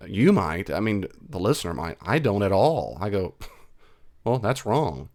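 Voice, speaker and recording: A man's voice: low voice, sing-song, a little slow, a little mellow. A middle-aged man with a Southern US accent, a Christian counselor giving casual, reassuring advice in reply to an email. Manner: reassuring, encouraging, conversational with repeats.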